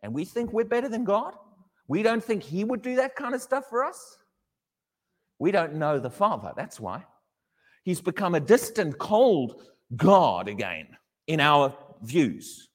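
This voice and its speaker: A man preaching a sermon to a congregation, animated and questioning his listeners, often acting out little dialogues. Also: high-pitched, measured pace, big-room sound.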